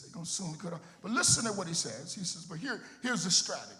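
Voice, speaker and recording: A middle-aged pastor, preaching a sermon in a sing-song cadence that swells into shouts, repeating words for emphasis. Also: male voice, sits high, big pitch swings, fast, hardly any pauses. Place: church sanctuary. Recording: long hall reverb with faint music.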